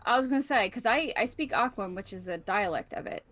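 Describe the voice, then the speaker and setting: A woman's voice: mid-range voice, lively intonation, fairly quick, fairly bright tone. A woman playing a tabletop game, chatting and describing what her character does. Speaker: player. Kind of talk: casual tabletop play.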